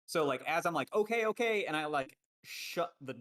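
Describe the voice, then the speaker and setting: A man's voice: on the high side, fairly even intonation, normal speed, pushed and bright. A man playing a tabletop game, casual and hesitant, with lots of fillers. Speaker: player.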